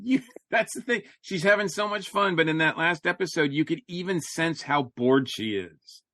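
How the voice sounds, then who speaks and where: A man co-hosting a podcast in casual chat, talking haltingly with lots of fillers and restarts. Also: fairly high pitch, a bit bright, dry recording, studio quality. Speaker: podcast co-host.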